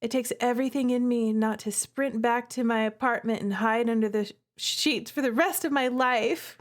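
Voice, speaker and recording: This gaming streamer, a woman with a slightly high voice at normal speed, voices a romance game's text out loud and overreacts in a theatrical, playful way.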